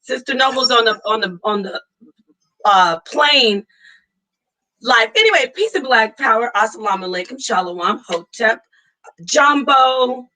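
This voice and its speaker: A woman's voice: on the high side, animated, a little slow, rough recording. A woman from Phoenix, Arizona hosting a casual online talk stream over a video call, playful and laughing. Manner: playful, laughing, warm greetings. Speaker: host.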